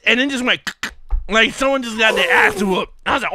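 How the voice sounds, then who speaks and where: High, bright excitable podcast host man. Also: fast talker. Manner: excitable, laughs often, acts out callers' voices. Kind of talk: casual chat.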